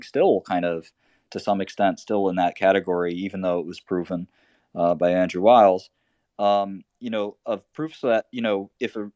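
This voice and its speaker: A man's voice: low-pitched, darkish tone, no room sound, clean studio sound. A man hosting a live audio chat, thinking aloud in a rambling casual way with lots of fillers. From Albanian family background. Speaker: host. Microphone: remote voice chat.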